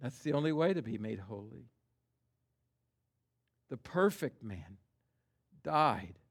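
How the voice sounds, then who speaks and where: A man preaching a sermon with passion, swinging from booming to hushed, reading and acting out scripture. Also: sing-song, slow, breathy edge. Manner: reads and acts out scripture quotes.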